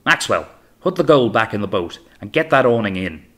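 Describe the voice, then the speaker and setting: A man voicing an earnest, dutiful young naval officer who calls out loudly across the water. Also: fairly low pitch, sing-song, brisk. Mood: firm.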